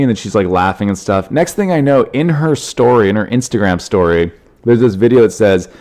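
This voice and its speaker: A man with a slightly low voice and a stuffy, sniffly cold tells loose, animated stories on his own podcast. He rambles with plenty of fillers and restarts. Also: a little fast. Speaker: podcast host, comedian. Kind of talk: casual solo podcast storytelling.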